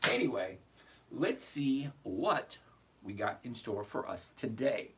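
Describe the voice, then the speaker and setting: A man's voice: mid-range voice, sing-song, takes it slowly, fairly bright tone, a little hiss or hum. A man in his sixties hosting a casual investing livestream, chatty and greeting viewers by name as he goes. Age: 60s.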